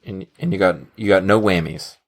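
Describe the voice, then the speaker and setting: A man's voice: deep voice, a little fast. A man hosting a casual podcast trivia game, joking around and laughing often. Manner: jokey, laughs often, animated quizmaster delivery.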